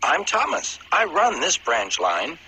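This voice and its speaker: A man voicing a cheeky, eager little male tank engine who talks in a bright, excited, sing-song way. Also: a little high, slow, a little hiss or hum, voice pushed up, full character voice. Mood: boastful. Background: music.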